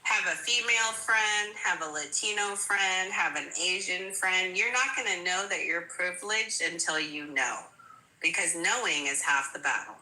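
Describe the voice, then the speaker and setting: A woman's voice: fairly low pitch, lively intonation, normal speed, bright, forceful tone, echoey room, poor audio. A woman guest in a casual political chat, talking emphatically with laughs and repeated "listen"s. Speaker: guest commentator.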